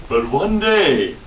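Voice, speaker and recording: A man telling his young nieces a made-up fairy tale in a playful way, often chuckling. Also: fairly high pitch. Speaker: uncle telling a story to young children. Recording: distant, muffled, echoey, loud hiss.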